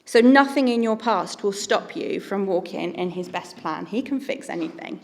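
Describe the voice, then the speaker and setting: A woman's voice: mid-range voice, animated, normal speed, long reverb tail. A woman giving an earnest, conversational sermon as a preacher.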